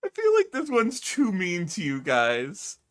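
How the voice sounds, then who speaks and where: A man's voice: sits high, huge pitch swings, a little slow, a bit bright, smooth. A man streaming a video game who chats casually and playfully with his viewers, laughing often. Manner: giggly, playful, talks to chat. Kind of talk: casual live-stream chat.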